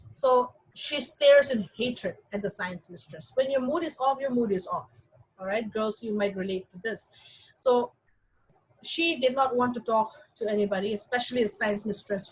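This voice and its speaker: A woman's voice: a little high, breathy edge, low-quality recording. A woman teaching an English class, reading a story and explaining it, often checking in with her students.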